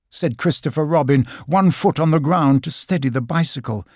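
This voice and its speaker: A man narrating a children's storybook audiobook in a gentle, measured way. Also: medium pitch, dry recording, studio quality. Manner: gentle, measured storytelling with lively vocal shifts.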